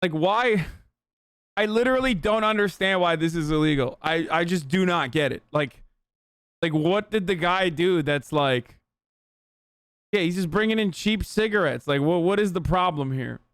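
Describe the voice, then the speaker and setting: High-pitched profane young man reacting. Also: normal speed, fairly bright tone, clean tone, dry recording. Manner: profane, mocking, incredulous. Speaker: streamer reacting to a TV show. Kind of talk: casual reaction commentary.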